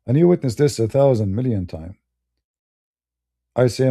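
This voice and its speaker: A man's voice: lowish voice, a little fast, long pauses, warm tone. A man from the Middle East with a Middle Eastern accent, delivering a blunt, scornful monologue in broken English. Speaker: debater. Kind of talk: heated ranting monologue.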